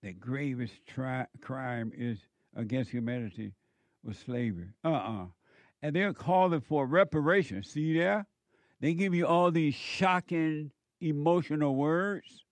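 A man's voice: a little high, measured pace, no room sound. A man hosting a commentary show, delivering an emphatic, lecturing monologue that repeats its points.

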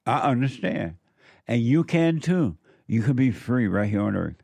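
Gravelly preachy man, dry mic. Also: mid-range voice, sing-song, normal speed, a little mellow, dry recording. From southern United States. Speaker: commentary host. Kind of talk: preaching commentary and storytelling.

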